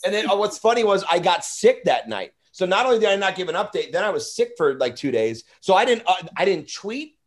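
A man hosting a podcast, telling a story in an animated, rambling way and swearing freely. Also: sits high, a little fast, hardly any pauses. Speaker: podcast host. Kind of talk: casual storytelling.

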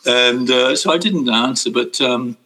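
A man's voice: medium pitch, unhurried, bright, forceful tone, poor audio. An older man casually recalling personal spiritual experiences, rambling and self-interrupting, chuckling often.

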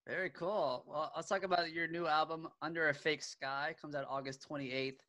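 A man's voice: fairly high pitch, fairly even intonation, moderate pace, bright, forceful tone, no echo, low-quality recording. A man hosting a casual interview podcast, eager and upbeat, talking with plenty of fillers and restarts. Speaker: podcast host.

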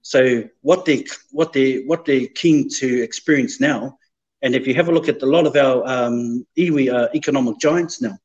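New man, interview guest, measured and thoughtful, te reo Māori words, mid-pitched voice, slightly dull lo-fi audio. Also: a little mellow. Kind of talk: reflective interview talk.

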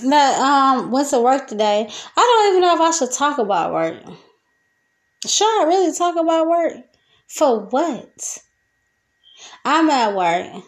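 A woman's voice: high-pitched, very animated, measured pace, pauses often. A young woman hosting a solo podcast, venting in a loose, profane, laughing rant from her kitchen. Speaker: podcast host. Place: home kitchen.

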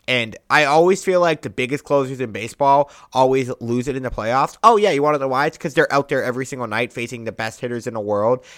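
A young man co-hosting a podcast, talking baseball in a casual, animated way, with big jumps in pitch and loudness for emphasis. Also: quick pace, few pauses, dry recording, studio quality. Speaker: podcast co-host. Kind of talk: casual sports chat.

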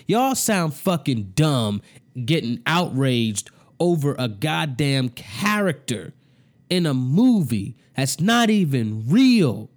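A man's voice: fairly high pitch, very animated, slow pace. A man ranting angrily to camera, swearing heavily and repeating himself in exasperation. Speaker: vlogger. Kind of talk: profane rant to camera.

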